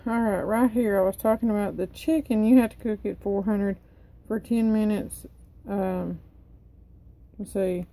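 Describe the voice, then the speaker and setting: A woman who is tired and losing her voice chats and rambles in her kitchen, reading out package instructions during a casual cook-along for her vlog. Her mid-range voice is gravelly yet warm, captured in a low-quality recording with slight background noise.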